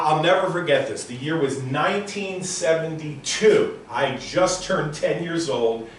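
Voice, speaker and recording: A man in his sixties delivers a live motivational lecture and works the audience with stories and direct questions. His delivery is animated and punchy, in a voice pitched a little on the high side. The sound is very reverberant and picked up from well back, with a faint hiss underneath. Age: 60s. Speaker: motivational speaker. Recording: very echoey room, voice from a distant mic.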